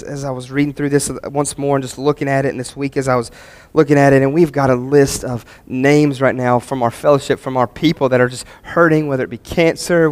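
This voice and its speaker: A male pastor preaching a sermon, earnest, repeating key phrases and swinging from emphatic peaks to quiet, low passages.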